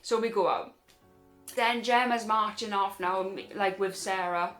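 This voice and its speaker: A woman's voice: medium pitch, steady tone, a little slow, a bit bright, faint music behind. A young Welsh woman telling a storytime vlog, chatty and rambling, her voice sitting in a middling range. She keeps turning to her viewers as guys, restarting sentences as she goes. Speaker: vlogger. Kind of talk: casual storytime.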